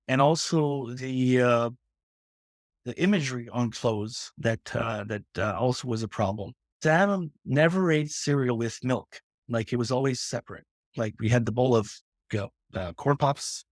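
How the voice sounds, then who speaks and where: A man's voice: medium pitch, moderate pace, no room sound. A middle-aged man from Canada, a guest author speaking earnestly in a casual interview, with many restarts and fillers.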